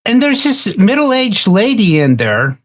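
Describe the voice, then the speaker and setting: A man in a casual roundtable discussion, telling a story in a halting way and often repeating words. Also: high-pitched, wildly swooping pitch, a bit bright. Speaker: roundtable participant.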